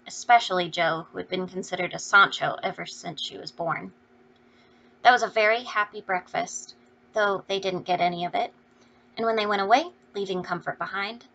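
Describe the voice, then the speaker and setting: A woman reading a classic novel aloud as an audiobook, in a steady storytelling delivery. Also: medium pitch. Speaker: audiobook reader. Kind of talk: scripted narration. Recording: dull lo-fi recording.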